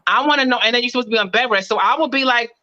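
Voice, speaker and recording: A woman's voice: fairly high pitch, rapid-fire, sharp tone, no echo. A woman co-hosting a reality TV review, chatting with strong opinions. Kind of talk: casual chat. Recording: dry, dull lo-fi sound.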